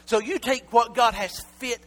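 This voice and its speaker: A preacher delivers a sermon in a high, bright voice. He swings between ringing shouts and quiet, intimate asides to his listeners, full of repeated phrases and direct questions. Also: normal speed.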